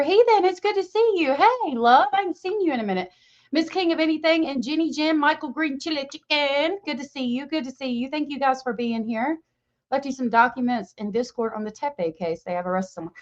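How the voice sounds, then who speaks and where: A woman's voice: high voice, fairly quick, dull audio. A woman hosting a livestream, chatting casually and gushing as she greets viewers by name. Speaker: livestream host. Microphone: webcam mic.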